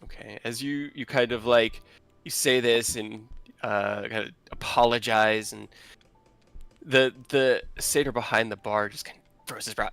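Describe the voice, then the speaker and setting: A man's voice: medium pitch, steady tone, measured pace, vocal fry, fairly bright tone, clear, resonant tone, no room sound, faint music behind. A man narrating as game master of a tabletop game, casual with many fillers.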